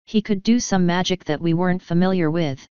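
A woman's voice: fairly low pitch, a little fast, mellow, clean tone, no echo. A woman steadily reading a first-person fan story aloud. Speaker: fanfiction reader. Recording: slightly muffled recording.

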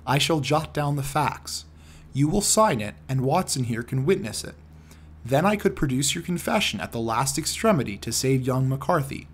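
A man reading as a precise, calm detective. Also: medium pitch, a little hiss or hum, natural voice. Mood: reassuring. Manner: measured, precise and reasoning. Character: shrewd, calm male detective explaining deductions. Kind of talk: audiobook character reading.

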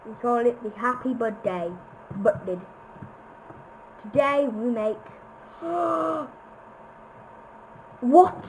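A woman giving silly, goofy commentary over her own gameplay, chanting nonsense phrases and breaking into sudden shouts. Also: mid-range voice, expressive, extremely slow, long pauses, a little hiss or hum, poor audio. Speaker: gameplay video maker.

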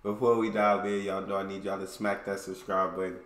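A man's voice: low voice, level tone, fairly quick, a bit bright. Laid-back American man in an echoey room. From United States. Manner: laid-back, chatty, laughs along. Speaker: reaction video host. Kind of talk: casual reaction commentary.

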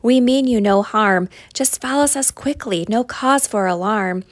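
A woman voicing stern men in a storybook, speaking firmly to hush a frightened animal. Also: a little high, measured pace, no room sound, clean studio sound, natural voice. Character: two stern male strangers.

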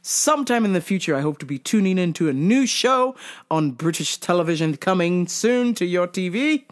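Foul-mouthed, animated woman ranting. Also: fairly low pitch, normal speed. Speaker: vlog host. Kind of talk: comedic rant.

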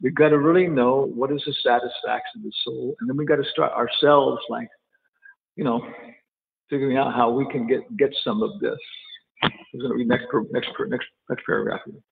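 A man's voice: medium pitch, fairly even intonation, a little fast, creaky. A man teaching a casual scripture class, chatty, with laughing asides and quotes acted out. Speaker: spiritual teacher. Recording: tinny phone-like echoey hall.

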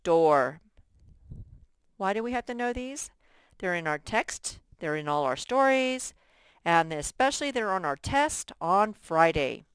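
A woman with a slightly low, smooth, clear voice, giving a first-grade workbook lesson. She speaks slowly and patiently and sounds out each word for young children. The recording is close and dry. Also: animated, no room sound. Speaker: teacher.

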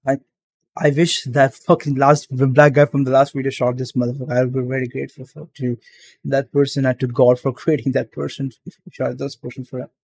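A man's voice: medium pitch, flat delivery, a little fast, creaky, darkish tone, slightly rough. A young man ranting profanely and with exasperation while commenting on a reaction video.

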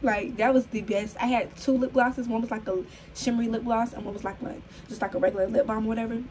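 A young woman in her twenties, slightly hoarse, chatting casually to the camera in a vlog filmed on her phone at home, full of fillers and calling viewers y'all. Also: on the high side, fairly even intonation, quick pace, a little mellow, slight background noise, rough recording. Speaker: vlogger.

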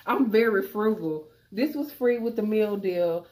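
A young woman with a drawl talks through a grocery haul in a loose, chatty way, calling viewers "y'all" and working through prices. Her voice sits at a middling pitch for a woman, relaxed and unhurried. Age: young adult. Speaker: vlogger. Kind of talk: casual grocery haul chat.

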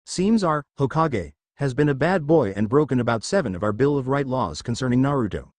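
A man's voice: medium pitch, expressive, brisk, no echo, natural voice. A man voicing a cool, smug teenage boy ninja with a sarcastic manner.

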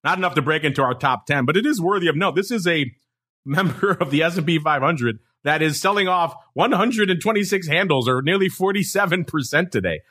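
A man's voice: on the high side, lively intonation, brisk, sharp tone. A man hosting a market podcast, playfully teasing his co-host and rattling off trading figures. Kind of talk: casual market show talk.

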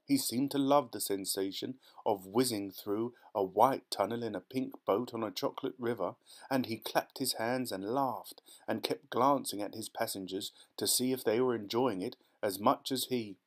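A man narrating a children's storybook audiobook in a steady, expressive reading voice. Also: on the low side, moderate pace.

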